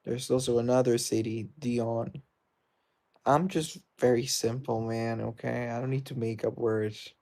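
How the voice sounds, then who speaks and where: Streaming a game, a British livestreamer chats loosely with his viewers, reading their comments aloud and responding while he plays. His medium-pitched voice is creaky, steady, and a little mellow, and he rambles at a measured pace.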